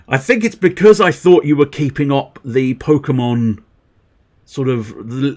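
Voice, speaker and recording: A man's voice: mid-range voice, darkish tone. A man chatting casually while streaming a video game, rambling with giggly asides. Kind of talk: casual gameplay livestream chat.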